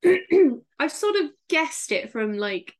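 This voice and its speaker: A woman's voice: on the high side, big pitch swings. A woman with a Somerset English accent talks in an easy, frank way, joking with the host. She sounds playful and candid, never stiff. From Somerset, England. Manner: frank, playful, quick to laugh. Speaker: author guest. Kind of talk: casual interview chat.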